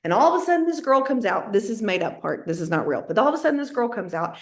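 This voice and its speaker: A woman giving a lively motivational talk to her sales team, folksy and high-energy, often acting out what people say. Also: fast. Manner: high-energy, folksy, acts out quoted voices. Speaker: network marketing team leader.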